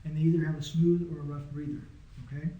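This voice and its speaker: Relaxed man teaching in an echoey room. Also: a little high, quick pace, lo-fi sound, a little hiss or hum. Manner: patient, conversational, often checking understanding. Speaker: Greek teacher. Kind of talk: informal classroom lesson. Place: small classroom.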